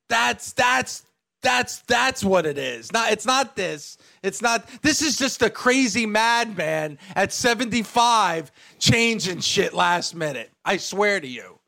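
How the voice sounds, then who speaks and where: A man co-hosting a casual wrestling talk show, ranting in an animated way and laughing often. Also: sits high, gravelly.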